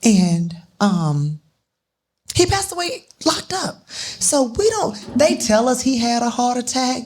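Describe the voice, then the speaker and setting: Husky-voiced woman cohost, heartfelt, talking grief on a live talk show. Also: a little high, sing-song, takes it slowly, darkish tone. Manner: heartfelt, tearful at times. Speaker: co-host. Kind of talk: emotional talk show discussion.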